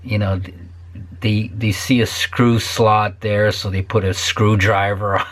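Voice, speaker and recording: Older male luthier, slow profane rant with a low husky voice, now and then whispered. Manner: profane ranting, trailing into whispers. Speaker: guitar builder. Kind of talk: ranting vlog to camera.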